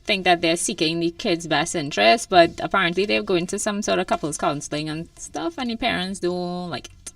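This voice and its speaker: A woman's voice: lowish voice, fairly quick, vocal fry, fairly bright tone, no room sound, far from the mic. A woman co-hosting a casual radio chat, hesitant and teasing. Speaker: radio co-host.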